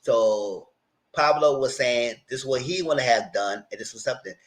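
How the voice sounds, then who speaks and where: Man, mid-pitched voice, casual recap host, rambling retellings, quoted asides. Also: moderate pace.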